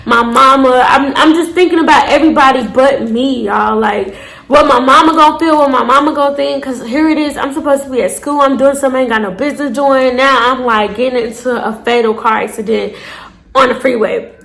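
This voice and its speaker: A young woman tells a wild story straight to her viewers. She is loose, animated and dramatic, and breaks into shouted bursts and cursing as she acts out the moment. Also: sits high, a little fast, creaky. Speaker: storytime vlogger. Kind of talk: casual storytelling to camera.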